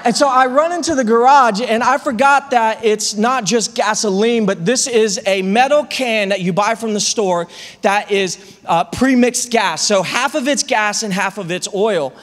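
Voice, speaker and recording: A male pastor preaching a sermon as an animated comic story, often repeating words as he gets going. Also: high-pitched, normal speed, long reverb tail. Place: church sanctuary.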